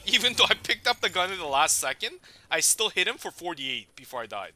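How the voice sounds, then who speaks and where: A man's voice: high voice, sing-song, a little fast, sharp tone, a little hiss or hum. A young man streaming gameplay, ranting in frustration and swearing a lot. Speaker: gaming streamer. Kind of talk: live gameplay commentary.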